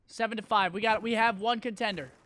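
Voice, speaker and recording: A man's voice: sits high, steady tone, quick pace, bright, forceful tone, slight background noise. Hyped man giving gameplay commentary. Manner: hype, self-mocking trash talk, sudden outbursts. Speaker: gaming YouTuber.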